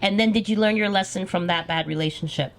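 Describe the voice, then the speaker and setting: A woman's voice: mid-range voice, fast, very noisy. A woman hosting a podcast in a casual chat, teasing her guest and prompting her with questions. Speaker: podcast host.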